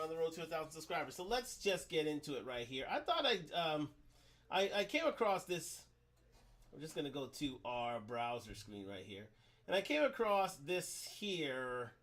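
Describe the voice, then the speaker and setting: A man hosting a live-stream talk show, his voice bright and forward. He speaks off the cuff and often stops to restart a phrase. He keeps circling back to the same catchphrases. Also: mid-range voice. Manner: hesitant, many fillers and restarts, repeats catchphrases. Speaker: host.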